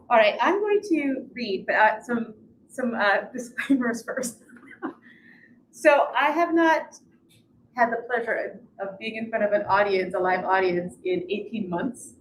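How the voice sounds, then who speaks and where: A woman's voice: on the high side, a little slow, a little hiss or hum. A woman author talking about her novel before reading from it, laughing easily and joking at her own expense. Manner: laughing, self-deprecating, lively. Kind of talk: live book reading and chat. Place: bookstore. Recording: echoey bookstore.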